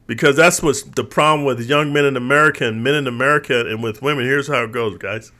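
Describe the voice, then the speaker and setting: A man's voice: mid-range voice, quick pace, hardly any pauses. A man hosting his own channel, delivering a profane, streetwise rant to viewers, saying "bro" constantly and acting out quoted people. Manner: lively, mimics others in quoted voices. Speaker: channel host. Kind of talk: ranting monologue to viewers.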